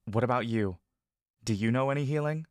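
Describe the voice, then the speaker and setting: A man voicing a gentle male furbolg who speaks telepathically in a soothing, calm, reassuring voice with an elvish intonation. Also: medium pitch, a little fast, dry recording, studio quality, lightly acted. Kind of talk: audio drama narration.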